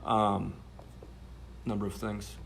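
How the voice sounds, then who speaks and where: A man's voice: lowish voice, level tone, takes it slowly, gravelly, fairly bright tone, a little hiss or hum. A man telling a story to camera in a sardonic, rambling way, with many fillers.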